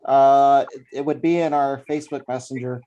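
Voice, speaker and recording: A man's voice: mid-range voice, steady tone, normal speed, warm tone, lo-fi sound. A man co-hosting a podcast, telling stories and walking through a drink recipe in a loose, joking way. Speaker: podcast co-host. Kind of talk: casual podcast chat.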